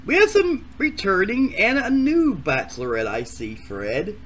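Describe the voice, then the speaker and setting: A man voicing a sarcastic male game show host with deadpan asides. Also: sits high, unhurried, full character voice. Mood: wry.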